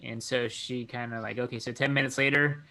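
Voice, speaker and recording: Bright-voiced man narrating a tabletop game. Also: mid-range voice, fairly even intonation, a little fast. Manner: loose, filler-heavy narration. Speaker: dungeon master.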